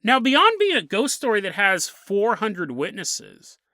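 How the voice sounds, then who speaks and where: Man, podcast host, bouncy pitch, bright tone, jokey storyteller who acts out the lines. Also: a little slow, no room sound, studio quality. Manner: animated, laughs often, acts out characters' lines. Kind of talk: casual comedic storytelling.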